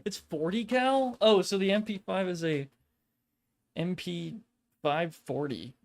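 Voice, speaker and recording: A man's voice: high-pitched, measured pace, creaky, darkish tone. A man co-hosting a gaming stream, reacting bluntly with lots of swearing. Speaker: streamer co-host. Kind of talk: casual reactions while gaming.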